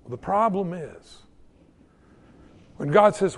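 A middle-aged man preaching a sermon as pastor, telling stories with lively restarts. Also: on the high side, measured pace, long pauses, breathy edge. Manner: animated storytelling with repeated restarts. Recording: long hall reverb.

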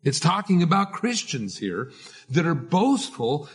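Husky-voiced man preaching casually. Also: a little high, big pitch swings, unhurried. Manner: informal, repeats words while preaching. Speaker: pastor. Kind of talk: conversational sermon.

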